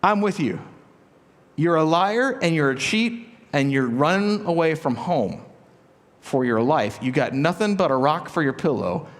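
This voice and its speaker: A man's voice: on the high side, expressive, unhurried. A man preaching who voices God as a casual, reassuring friend in a reverberant church.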